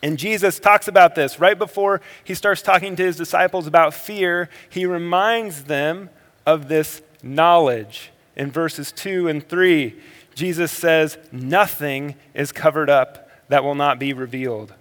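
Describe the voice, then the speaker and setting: A male pastor preaches with a slightly high voice that carries a long reverb tail, as in a church sanctuary. He pushes hard on his key points, then drops into quiet, slow reflection. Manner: swings between energetic emphasis and quiet, slow reflection. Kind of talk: sermon.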